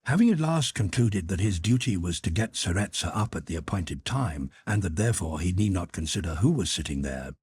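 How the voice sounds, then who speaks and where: Deep, husky male audiobook narrator. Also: big pitch swings, a little fast, hardly any pauses, a little mellow. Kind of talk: scripted narration.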